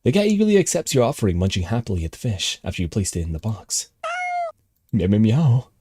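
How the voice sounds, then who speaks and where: A male streamer reading a text game aloud and reacting live, jumping between calm narration and excited outbursts. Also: on the low side, very fast, slightly rough, no room sound.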